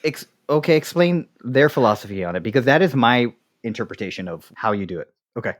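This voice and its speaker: A man's voice: medium pitch, animated, brisk. A man with a mid-range voice that swoops up and down a lot trades blunt, wry remarks on a podcast. He laughs readily between points. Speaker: podcast co-host. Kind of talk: casual podcast conversation.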